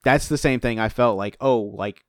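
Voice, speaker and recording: A man's voice: medium pitch, normal speed, dry recording, clean studio sound. A man co-hosting a casual TV recap podcast. He talks hesitantly and chuckles now and then. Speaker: podcast co-host. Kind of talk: casual chat.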